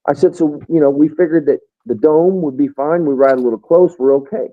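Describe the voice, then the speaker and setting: A man's voice: a little high, quick pace, hardly any pauses. An American man, a retired first sergeant, casually telling army stories and acting out what others said. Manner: rambling storyteller, acts out quoted soldiers. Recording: tinny phone-like line.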